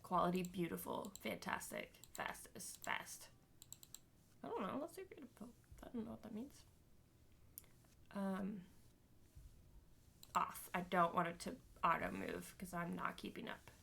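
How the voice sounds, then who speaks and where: Woman streamer, bright tone, giggly and chatty, talking through her setup live. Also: lowish voice, very animated, unhurried, gravelly, pauses often, breathy edge. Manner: chatty, giggly, thinks aloud while fiddling with settings. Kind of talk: live game stream chat and reading aloud.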